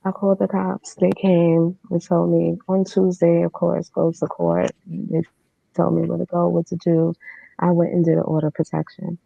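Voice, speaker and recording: A woman's voice: lowish voice, level tone, moderate pace, vocal fry, mellow, dry recording. A woman telling her own story as a guest, in a candid, matter-of-fact way with casual fillers. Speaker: podcast guest. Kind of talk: personal storytelling. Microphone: remote streaming setup. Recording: dull lo-fi online stream.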